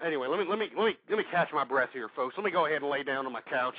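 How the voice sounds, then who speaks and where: An older man hosting call-in talk radio, ranting in angry shouts and panting heavily between tirades. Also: a little high, expressive, very fast, husky, dry recording, narrow, tinny audio. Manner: angry shouting tirades, then heavy-breathing grumbling. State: out of breath. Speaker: radio talk show host.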